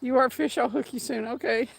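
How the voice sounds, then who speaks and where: A woman's voice: a little high, fairly even intonation, brisk, creaky, breathy edge. A woman hosting a fishing livestream outdoors by a stream, chatting casually, laughing often and reading out viewer names. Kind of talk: casual live-stream chat. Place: outdoors by a fast trout stream.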